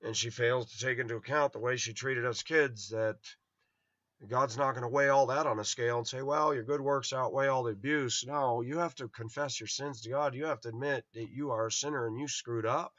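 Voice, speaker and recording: A man's voice: mid-range voice, fairly even intonation, fairly quick, fairly bright tone, no room sound. A middle-aged man from Los Angeles telling personal stories in a blunt, rambling way. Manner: rambling, blunt, acts out quoted voices. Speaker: vlogger. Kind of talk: personal storytelling monologue. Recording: dull lo-fi dry sound.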